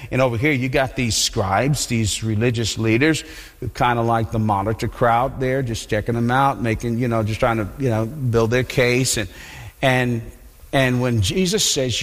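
Male preacher with a high voice, animated and conversational, recorded in a church with long reverb. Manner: conversational, repeats himself, animated storytelling. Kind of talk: sermon.

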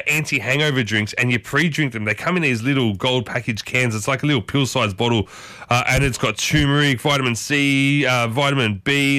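A man's voice: medium pitch, bright, forceful tone, dry recording. A man hosting a radio show, chatting casually and putting questions to his listeners. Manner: chatty, asks listeners questions, stumbles over foreign phrases. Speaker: radio host. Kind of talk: casual on-air chat. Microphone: studio microphone.

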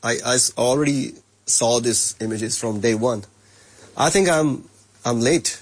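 A man with a Punjabi accent, a native Punjabi speaker, gives a short, halting and humble backstage interview. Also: medium pitch, breathy edge. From Punjab, India. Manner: halting, humble, with many pauses and fillers. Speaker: music star interviewee.

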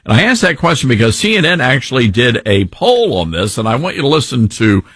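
Talk radio host guy, bouncy pitch, husky, dry studio mic, jokey. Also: fairly quick, dry recording. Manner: animated, jokey, repeats himself.

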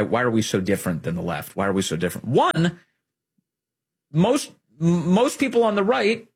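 Male political talk host, rough husky voice, lively swinging delivery. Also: lowish voice. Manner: emphatic, animated, rising to urgent peaks. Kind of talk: conservative political commentary.

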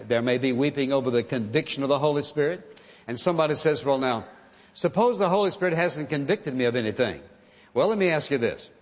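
A man preaching a sermon in an earnest, emphatic way, sometimes acting out pleading prayers. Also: medium pitch. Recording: dull sound with long hall reverb.

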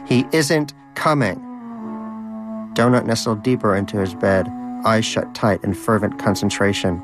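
A man reads a story aloud in a low voice with a wry, measured delivery. A faint musical bed plays quietly behind him. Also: fairly even intonation, music in the background. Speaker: narrator. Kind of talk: storybook narration.

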